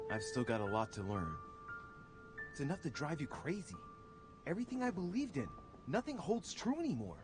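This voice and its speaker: An actor playing a young nobleman with a French accent, brooding and urging himself to hold together after learning he is a demon, in a video game. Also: on the high side. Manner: brooding inner monologue, self-urging. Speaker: game character.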